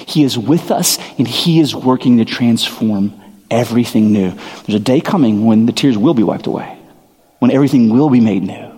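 A man preaching from the pulpit with a husky, slightly breathy voice in an ordinary middle register. He speaks earnestly and leans on repeated phrases for emphasis. A long hall reverb trails behind every line. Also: mid-range voice, moderate pace, dark tone. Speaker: pastor. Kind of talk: sermon.

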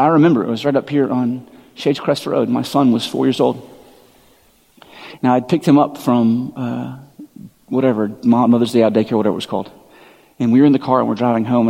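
A man in his thirties preaching a sermon, telling stories in a conversational, animated way with quick asides. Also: medium pitch, creaky. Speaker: pastor. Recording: long hall reverb.

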